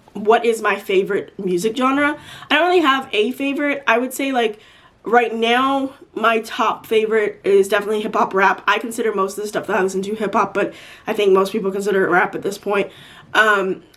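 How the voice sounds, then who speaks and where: A woman in her twenties answering viewer questions in a casual, rambling chat full of fillers like "like" and "um". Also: medium pitch. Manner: chatty, rambling with many "like" and "um".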